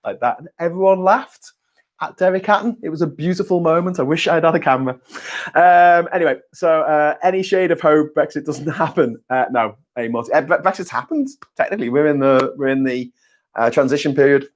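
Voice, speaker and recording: A man hosts a casual live chat. He reads out viewer messages and answers them in a blunt, sarcastic way, swearing freely. His voice sits somewhat high for a man. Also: a little fast. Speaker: host.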